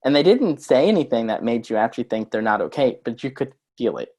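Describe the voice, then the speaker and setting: A man's voice: medium pitch, sing-song, fast, warm tone. A man, a guest coach, explaining ideas in an earnest conversational way and acting out short example lines, heard over a video call.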